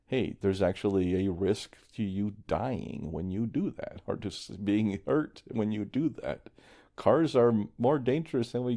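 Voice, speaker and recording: Deep gravelly man. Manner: reflective, meandering, restarts often; quietly worried. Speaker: podcast host. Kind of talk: casual solo podcast monologue.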